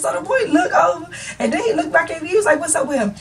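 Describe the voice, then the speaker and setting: A young woman YouTuber telling a storytime vlog, retelling a conversation in an animated way and often breaking into laughter. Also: high-pitched, fast talker, creaky, far from the mic, rough recording.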